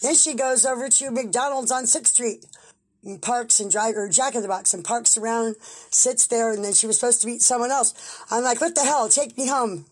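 A woman's voice: a little high, moderate pace. A woman telling her own story in casual speech, blunt and profane, acting out what people said. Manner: animated, blunt and profane, acts out quoted dialogue. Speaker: interviewee recounting events.

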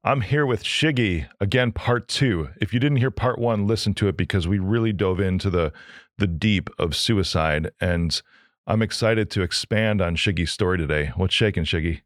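Low-voiced male podcast host. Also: no echo, clean studio sound. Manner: conversational, halting restarts. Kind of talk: casual podcast interview.

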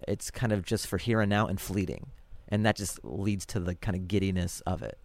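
A man's voice: low voice, steady tone, fairly quick, vocal fry, darkish tone. A man, telling stories casually as a comedian guest on a podcast. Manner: laid-back storytelling with frequent fillers.

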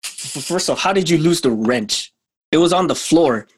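A man hosting a casual podcast chat, telling work stories in an animated way and laughing often. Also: a little high, normal speed, slightly rough. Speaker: podcast host.

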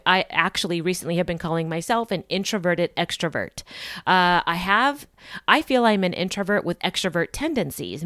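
A woman's voice: on the low side, dry recording, studio quality. A woman hosting her solo podcast, talking candidly in an in-your-face, sarcastic way, rambling with lots of ums and restarts. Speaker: podcast host.

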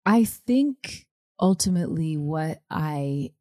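A woman's voice: low voice, animated, slow pace, mellow, no echo, clean studio sound. A woman guest on a podcast talking candidly and emotionally in casual conversation. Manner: candid, emotional, laughs easily.

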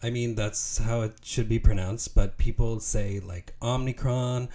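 A man's voice: lowish voice, fairly even intonation, unhurried, warm tone. A man co-hosting a tennis podcast, chatting casually and laughing often. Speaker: podcast co-host. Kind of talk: casual chat.

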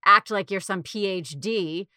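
A woman's voice: mid-range voice, a little slow, pushed and bright, no room sound, clean studio sound. A woman in casual conversation, thoughtful and reflective, with lots of fillers as she talks through an idea. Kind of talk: casual chat.

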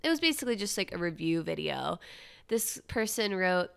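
A woman's voice: fairly low pitch, sing-song, moderate pace, creaky, fairly bright tone, clean tone. A young woman hosting her own podcast in casual solo chat, with uptalk and a valley girl way of speaking. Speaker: podcast host.

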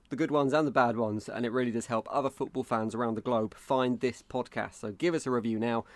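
A man's voice: mid-range voice, no room sound. A man with an English accent hosting a casual football podcast and reading listener reviews in a chatty way. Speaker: podcast host.

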